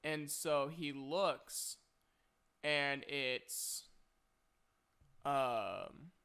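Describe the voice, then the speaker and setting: A man's voice: a little high, extremely slow, gravelly, pushed and bright, clear, resonant tone. A young man in a casual spoiler review of a movie, retelling the plot in a rambling way with many filler words.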